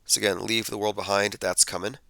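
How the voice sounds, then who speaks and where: Male commentary host, casual and skeptical, lowish voice, crisp and bright. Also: little pitch movement, fairly quick, no echo. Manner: skeptical, conversational, thinks aloud with fillers. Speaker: podcast host. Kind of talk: casual commentary reading tweets and headlines.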